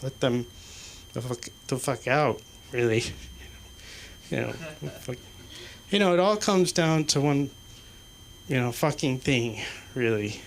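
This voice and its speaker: A man performing stand-up in a small comedy club, his delivery halting and rambling, with a swear word every few phrases. Faint room noise sits under his voice. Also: mid-range voice, expressive. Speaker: stand-up comic. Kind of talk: stand-up set.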